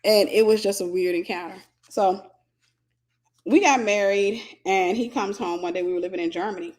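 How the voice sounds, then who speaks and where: Woman mentor, casual live storytelling, mid-pitched, chatty with asides. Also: moderate pace, darkish tone. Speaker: Christian mentor and online teacher.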